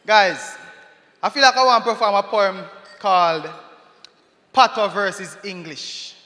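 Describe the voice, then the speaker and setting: A man's voice: sits high, unhurried, bright, forceful tone. A Jamaican man hosting a gala from the stage, playful and laughing, slipping into patois for a comic poem, on a handheld mic in a large echoey hall. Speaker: event emcee. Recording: echoey hall with long reverb.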